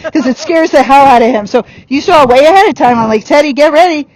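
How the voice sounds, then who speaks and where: High-pitched woman trainer; direct, upbeat coaching in an outdoor arena. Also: expressive, a little mellow, low-quality recording. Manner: direct coaching with quick laughs. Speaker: horse trainer. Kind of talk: giving a riding lesson.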